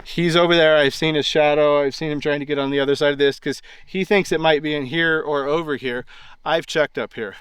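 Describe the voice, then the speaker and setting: A man's voice: a little high, steady tone, fairly quick, fairly bright tone, clean tone, no echo, low-quality recording. Guy out in the woods retelling a hunt, keeps saying like and right here, close dry mic. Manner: rambling, full of "like" and pointing "right here". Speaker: eyewitness recounting a hunt. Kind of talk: casual on-location retelling. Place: outdoors in a wooded area.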